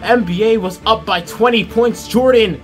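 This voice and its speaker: A young man giving loud, profane play-by-play commentary over a basketball video game, shouting at big plays. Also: sits high, normal speed, faint music behind. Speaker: gaming YouTuber.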